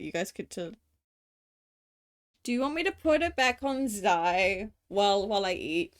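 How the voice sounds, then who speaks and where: A woman's voice: medium pitch, unhurried, pauses often. A woman streaming live from home, chatting casually to her chat while she eats. She laughs often, swears now and then, and talks close to a desk mic. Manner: talking while eating.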